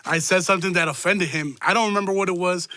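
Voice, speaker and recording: A man's voice: sits high, quick pace, pushed and bright, no room sound. A young man hosting a casual podcast chat, telling a story with lots of profanity and teasing his friend. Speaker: podcast host.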